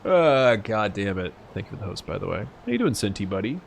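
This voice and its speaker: Young man streamer, tipsy, rambling, swearing, animated voice, faint background noise. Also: lowish voice, fairly quick, vocal fry. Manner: rambling, swearing, laughs often. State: tipsy from drinking. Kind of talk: casual live-stream chat while gaming.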